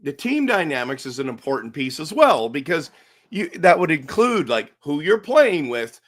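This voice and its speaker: A middle-aged man talking casually on his own live stream about hockey, animated and rambling, full of restarts and rhetorical questions. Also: on the high side, normal speed. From Canada. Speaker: hockey fan commentator.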